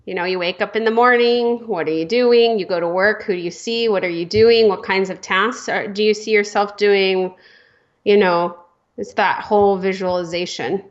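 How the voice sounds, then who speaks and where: Brief: female business coach guest, mid-pitched, explanatory and giggly, slightly dull audio. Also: steady tone, normal speed. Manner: warm-hearted, laughs often, thoughtful explaining. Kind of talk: casual podcast chat.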